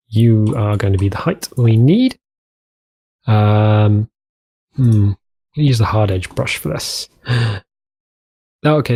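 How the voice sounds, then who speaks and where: A man's voice: fairly low pitch, dark tone. A man casually commenting on his gameplay, rambling off on tangents and joking at his own expense. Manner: rambling, tangent-prone, self-mocking. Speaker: let's play host.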